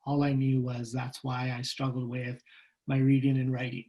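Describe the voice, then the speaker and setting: A man telling stories from his own life to an audience as a guest speaker, recorded over a video call. He talks in a lively, humorous way and slips into the voices of the people in his stories. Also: medium pitch, normal speed, low-quality recording. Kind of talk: personal storytelling talk.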